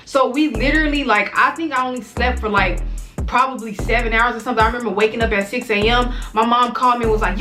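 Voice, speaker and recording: A young woman with a fairly high voice tells a story straight to her viewers. She talks in a loose, rambling way, swears freely and fills the telling with "like"s and quick acted-out quotes. Soft music plays faintly behind her. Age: young adult. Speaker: vlogger. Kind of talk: casual story time.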